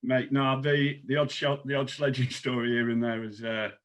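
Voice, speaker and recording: A man telling rowdy dressing-room stories with a mid-range voice, plenty of swearing and little laughs along the way. It is a relaxed podcast chat, full of punchlines and asides. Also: medium pitch, normal speed. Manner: animated storyteller, salty language, chuckles. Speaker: guest, cricket coach. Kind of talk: casual anecdote telling.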